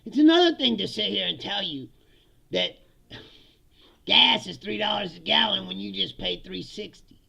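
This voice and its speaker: A man's voice: high voice, normal speed, creaky, sharp tone. A man delivering a profane, sarcastic political comedy rant, laughing between lines. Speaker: political commentator.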